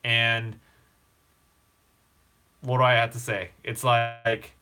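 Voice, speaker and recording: An earnest young man hosts a casual live stream, speaking with open emotion as he reassures a struggling viewer. His voice is bright and forceful, at an ordinary pitch. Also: level tone, takes it slowly, clean tone.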